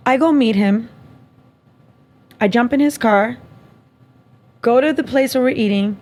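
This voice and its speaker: Young woman podcast host, kinda high voice, tells it animated and laughs a lot. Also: a little slow. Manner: animated storytelling, acts out both sides, laughs often. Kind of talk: casual chat.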